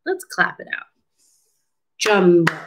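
Reading a storybook to kids, this woman speech therapist keeps things slow and supportive, pausing to ask them questions. Her lowish voice is very animated.

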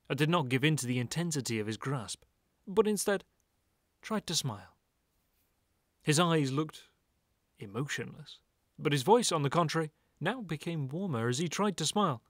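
Calm male audiobook narrator. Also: a little high, moderate pace, no echo, studio quality.

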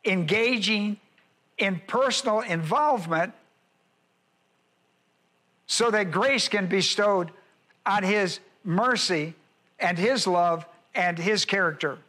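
A male pastor teaching a Bible study, repeating key phrases and slowing down to stress words. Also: sits high, bright, forceful tone.

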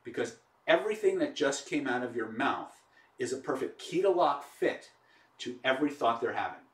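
A man presents a persuasion webinar in an animated storytelling way, stopping often to check in with his listeners. His voice sits at a middle pitch. It is recorded from a distance, and the room gives it a noticeable echo. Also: moderate pace. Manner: animated storyteller with frequent restarts and "okay?" check-ins. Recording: roomy echo, distant mic.

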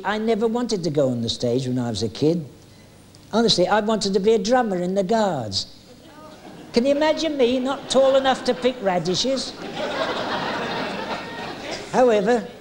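An older man reminisces about his days on the stage, chatty and full of little jokes. His voice sits somewhat high for a man. Now and then he stops on an "uh" and picks his story back up. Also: darkish tone, slight background noise. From England. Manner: chatty and jokey, with hesitant fillers. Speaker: retired music hall entertainer reminiscing. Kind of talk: anecdotal storytelling.

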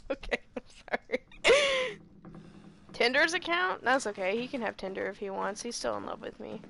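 Excitable streamer girl, bit high voice, swings all over, noisy mic w clicks. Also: moderate pace, vocal fry. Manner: excitable, shouty, swears a lot. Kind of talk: live gameplay chat.

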